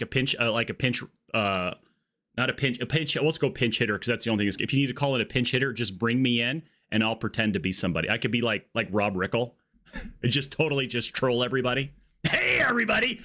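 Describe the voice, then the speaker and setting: A man's voice: medium pitch, fast, pushed and bright. A man hosting a live gaming stream, chatting casually and joking as he wanders off on tangents. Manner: rambling, joking, goes off on tangents. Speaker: livestream gaming host. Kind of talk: casual live gameplay chat. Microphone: earbud mic.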